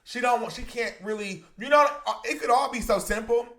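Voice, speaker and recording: A man's voice: very high voice, normal speed, bright, forceful tone. A man giving celebrity gossip commentary to his viewers, chatty and emphatic, calling them "y'all.". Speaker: commentary YouTuber.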